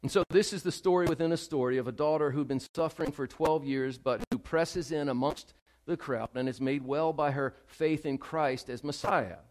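This man preaches as a pastor with a slightly high voice at a moderate pace, emphatic and direct toward the congregation. He sinks into a hush and then rises loud, repeating key phrases for emphasis.

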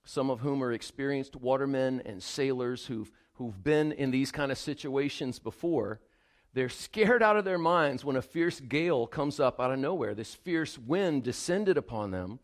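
A man preaching a sermon at a mid-range pitch. His tone is earnest, and he builds to emphatic, direct appeals to his listeners. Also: expressive, moderate pace. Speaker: pastor.

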